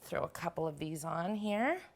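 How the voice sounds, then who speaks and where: A woman's voice: lowish voice, lively intonation, normal speed, vocal fry, a little hiss or hum. A woman hosting a cooking show, chatting in an upbeat way as she works through a recipe. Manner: chatty, upbeat, talks while working. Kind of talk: casual cooking demonstration.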